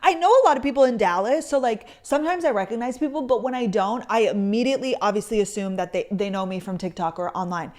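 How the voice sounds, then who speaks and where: A woman's voice: on the high side, fast, few pauses, a little mellow. A woman, chatting to camera and telling stories, full of "like"s and acted-out quotes. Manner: chatty, storytelling with many "like"s and quoted voices. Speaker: content creator. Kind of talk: casual chat to camera. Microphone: camera mic.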